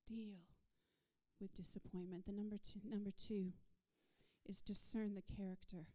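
A woman preaching a sermon, swinging from soft whispered passages to loud, rising declarations in a repetitive call-and-response rhythm. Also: medium pitch, level tone, moderate pace.

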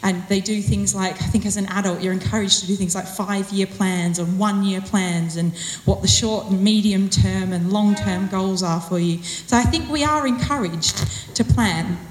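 A woman delivers a personal sermon in a chatty, self-deprecating way, leaning on words with playful emphasis. Her voice sits at a middling pitch. It rings through a roomy hall with a long reverb tail. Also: moderate pace, hardly any pauses. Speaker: church speaker.

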